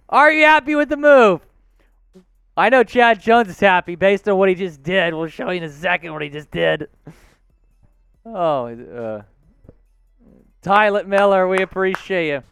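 A man hosting a live sports talk stream, excitable and shouting out supporters. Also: high voice, slow pace, vocal fry, pauses often, clear, resonant tone, soft background music. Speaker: host.

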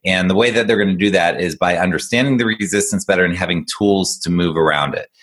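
A man with a very deep voice coaching kids in a casual conversation. He explains in an upbeat, patient way, often checking in with his listener. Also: fast, fairly bright tone. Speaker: executive functioning coach.

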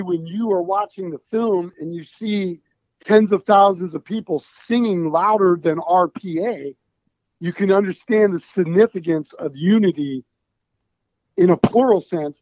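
A man's voice: high-pitched, no room sound, muffled recording. A man being interviewed as a band founder, talking in a rambling, emphatic way with plenty of swearing. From United States. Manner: rambling, emphatic and profane, with restarts. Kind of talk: casual podcast interview.

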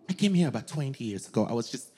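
A stand-up comedian from West Africa, performing a sassy, flamboyant set and teasing the crowd as honey and girl. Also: mid-range voice. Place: large theater with live audience. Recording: long hall reverb, loud crowd.

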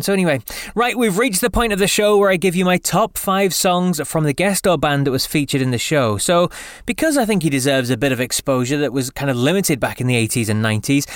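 A man presents a podcast in a bright, friendly manner. His voice is fairly high for a man and sounds close and dry, with faint music behind him. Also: dry recording. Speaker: podcast host.

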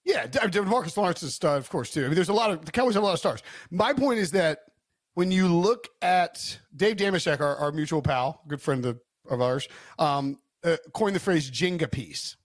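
Rambling male co-host, fairly high voice. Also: expressive, normal speed, no room sound, clean studio sound. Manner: rambling, with many restarts and "like". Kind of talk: casual sports betting chat.

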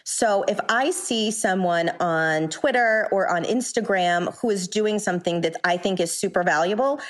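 A woman's voice: medium pitch, normal speed. A woman on a podcast panel, talking bluntly and with heated passion, swearing freely in a long, rambling turn. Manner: blunt, profane, impassioned; long rambling turns with restarts. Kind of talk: heated casual discussion.

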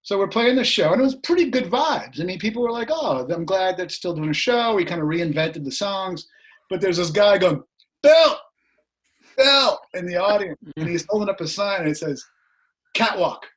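Middle-aged guy telling a story, kinda high voice, slightly rough, laughs a lot. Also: fairly quick. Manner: animated, laughs often, acts out quoted voices. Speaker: musician guest. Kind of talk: casual storytelling.

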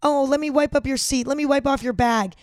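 Curt, repetitive female flight attendant, put on by a woman, highish voice, dry sound. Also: fairly even intonation, a little fast, no room sound, close to an everyday voice. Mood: gushing.

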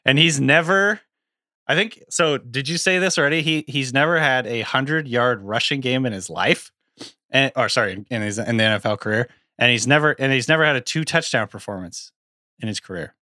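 A male podcast co-host who rambles through analysis with lots of fillers. His voice is bright and forward, recorded dry and close on a studio microphone. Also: medium pitch, a little fast, dry recording. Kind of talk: casual chat.

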